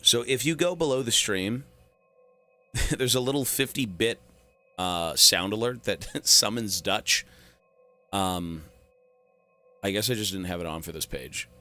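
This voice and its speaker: A man's voice: fairly low pitch, lively intonation, unhurried, pauses often, sharp tone, soft background music. A man streaming a video game, chatting casually and joking with viewers, often swearing and rambling. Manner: joking, profane, rambling to chat. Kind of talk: casual gaming stream commentary.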